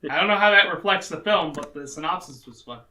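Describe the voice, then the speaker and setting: A man co-hosting a casual movie review show, with quick, jokey reactions. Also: fairly high pitch, pushed and bright, slight background noise. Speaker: podcast co-host.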